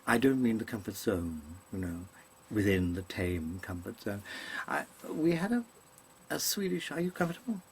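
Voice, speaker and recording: Slight background noise sits behind a man whose creaky voice is on the low side, moving at a moderate pace with a sing-song lilt. He is an actor giving a rambling comic monologue to a webcam, hesitant and full of ums, repeatedly correcting himself in a mannered stage style.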